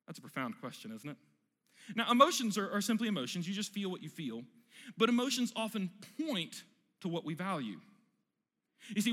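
A male pastor preaching a sermon with animated, emphatic storytelling. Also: high voice, big-room sound.

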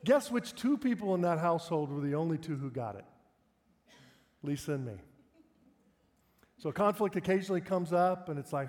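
A man's voice: on the high side, expressive, normal speed, pauses often, a little mellow. A middle-aged man preaching a sermon, telling family stories in a conversational, self-deprecating way. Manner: conversational, self-deprecating storyteller, breaks into laughter. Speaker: pastor. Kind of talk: sermon with personal storytelling. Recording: long reverb of a large hall.

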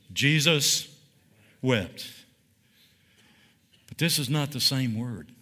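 A man's voice: medium pitch, pushed and bright. A man teaching a Bible study like a sermon, emphatic, with dramatic repeated phrases and questions to his listeners. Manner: asks the audience questions.

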